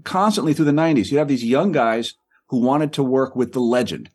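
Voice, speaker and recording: Man, husky, middle-aged, author guest, lively storytelling, repeats words. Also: medium pitch. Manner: quick, repeats words and acts out quoted people. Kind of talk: animated anecdotal storytelling.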